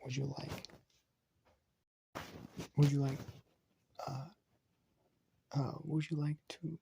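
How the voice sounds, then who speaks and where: A man voicing a nervous, earnest male angel soldier in love, in soft half-whispered lines with a raspy, gravelly voice. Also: mid-range voice, level tone, takes it slowly, noisy background. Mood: flustered.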